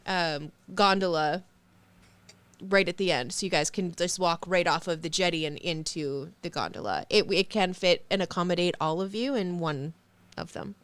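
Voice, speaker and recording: A woman running a tabletop game as game master, narrating in a relaxed, chatty way. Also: lowish voice, moderate pace, no room sound. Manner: relaxed, chatty, laughs easily.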